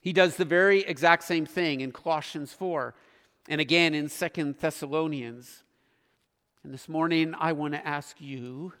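A man preaching a sermon as pastor, earnest, with emphatic pauses. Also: on the high side, a bit bright, in a large hall.

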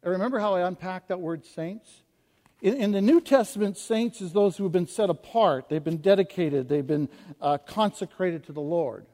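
Male pastor, sermon, impassioned, rhetorical questions; high voice, long hall reverb. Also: normal speed. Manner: impassioned preaching, swings from soft to loud, repeats rhetorical questions.

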